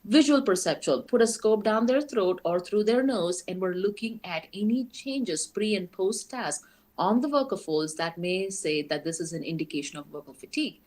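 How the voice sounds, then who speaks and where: A woman giving an academic lecture in a lively, explanatory way, posing rhetorical questions to the audience. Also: mid-range voice, normal speed. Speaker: guest lecturer.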